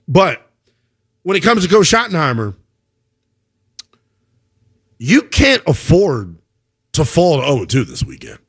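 A man's voice: high-pitched, fairly bright tone. A man hosting a sports talk radio show, delivering an emphatic, opinionated monologue and taking calls.

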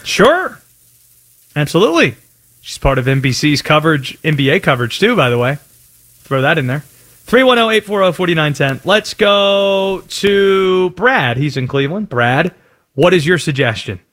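Man, sports radio host, fairly high voice, animated, quick asides, taking calls.

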